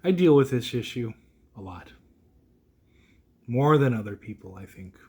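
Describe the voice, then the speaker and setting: A man's voice: mid-range voice, lively intonation, a little slow, darkish tone, husky. A young man hosting a solo podcast, talking in an emotional, rambling, self-deprecating way with small laughs. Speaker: podcast host. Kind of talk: casual solo podcast monologue.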